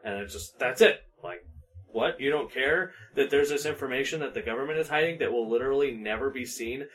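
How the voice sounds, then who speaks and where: A man's voice: mid-range voice, fairly quick. A young man from the United States, co-hosting a podcast, ranting in casual chat with heavy profanity. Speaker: podcast co-host.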